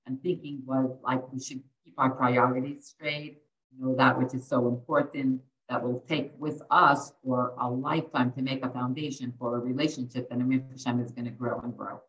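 With a rumbling low voice, a steady tone, and a moderate pace, a middle-aged woman, a dating coach, recounts heartfelt stories for a podcast interview, dropping in Hebrew and Yiddish expressions. The sound is lo-fi, dull, distant, and full of echo.

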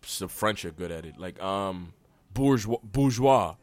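A man's voice: low voice, steady tone, normal speed, fairly bright tone, dry recording. A young man hosting a casual solo podcast, talking bluntly in loose slang and restarting his sentences often. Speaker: podcast host.

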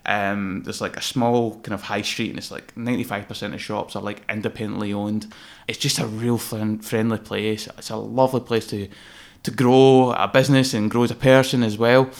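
Vocal fry colors this Scottish man's fairly low voice, which moves at a moderate pace. A designer appearing on a podcast, he tells personal stories openly in a casual interview, swears freely, and livens up when reliving moments.

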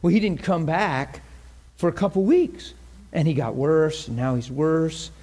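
A man teaching a class on faith healing in a lively, conversational way, often acting out what people say and pray. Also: a little high, a little slow. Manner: animated, acts out quoted prayers and voices. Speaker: ministry teacher.

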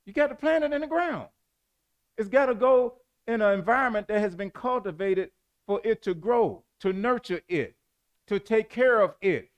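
A man's voice: sits high, animated, normal speed. A man preaching a sermon, calling for answers from the congregation and rising to emphatic bursts. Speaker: pastor.

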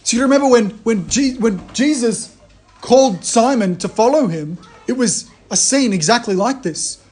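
High-voiced man preaching conversationally. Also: moderate pace, husky. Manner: animated storytelling, frequent restarts. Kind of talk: conversational sermon.

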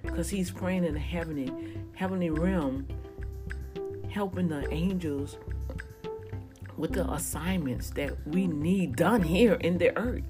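A woman giving a casual spiritual testimony, talking straight to her viewers in an animated, preachy way. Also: on the low side, measured pace, long pauses. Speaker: vlogger sharing a testimony. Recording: music playing behind the voice.

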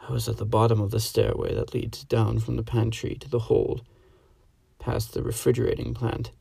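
Dying man in a storybook reading, low near-whisper, gravelly, dry close sound, read by a man. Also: steady tone, normal speed, darkish tone, no echo. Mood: whispering terror. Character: terrified man near death, quiet and resigned.

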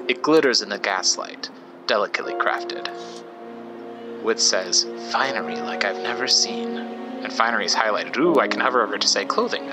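A man hosting a game podcast, reading game text aloud and chatting casually with lots of fillers. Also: on the low side. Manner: chatty, rambling, with frequent fillers. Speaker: podcast host. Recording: loud music behind voice. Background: loud music.

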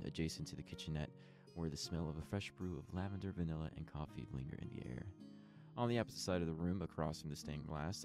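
A man acting as game master, reading out scene descriptions for a tabletop game and now and then stumbling and correcting himself. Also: rumbling low. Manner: reads descriptions with small stumbles and restarts. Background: plucked guitar music.

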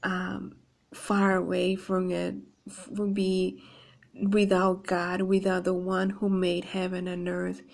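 Slow, flat-voiced woman giving a devotional. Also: on the low side, vocal fry. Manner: halting, many fillers and restarts, earnest. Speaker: Bible devotional speaker. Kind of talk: informal devotional talk reading and explaining a psalm.

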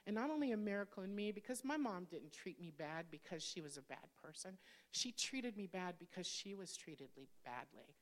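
A woman's voice: mid-range voice, lively intonation, brisk. A woman in her fifties, a pastor, telling her personal testimony in a candid, conversational sermon that speaks straight to the congregation. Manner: candid, conversational, addresses audience directly.

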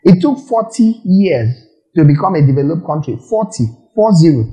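A male preacher delivers an animated sermon, throwing rhetorical questions at his listeners. His voice sits a little high for a man, yet the tone is dark and mellow. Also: normal speed, poor audio.

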